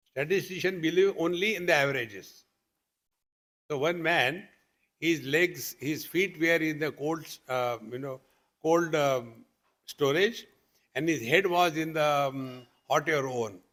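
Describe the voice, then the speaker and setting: Slow-speaking man giving a spiritual talk. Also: on the high side, fairly bright tone. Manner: patient, questioning, with homely examples and light humor. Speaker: swami teaching at a meditation retreat. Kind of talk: spiritual discourse.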